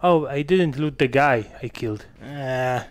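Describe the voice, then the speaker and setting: A man giving casual gameplay commentary, excitable, swearing and laughing often with sudden loud outbursts. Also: medium pitch, unhurried, dry recording. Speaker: gamer.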